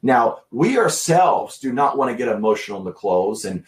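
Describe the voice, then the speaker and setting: Guy teaching sales, leans on words and pauses a lot, roomy echo. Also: mid-range voice, big pitch swings, a little hiss or hum. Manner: emphatic, deliberate pacing with long pauses. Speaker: sales trainer. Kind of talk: instructional talk to camera. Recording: echoey room.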